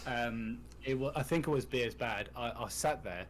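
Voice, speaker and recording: A man's voice: medium pitch, normal speed, a little hiss or hum, poor audio. A man chatting casually on a podcast about a TV show, frank and freely swearing. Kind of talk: casual TV discussion chat.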